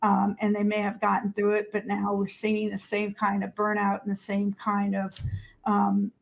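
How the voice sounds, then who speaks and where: A woman's voice: medium pitch, monotone, moderate pace, creaky. A woman speaking on a video call panel discussion, talking steadily with many fillers. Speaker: service provider on a panel.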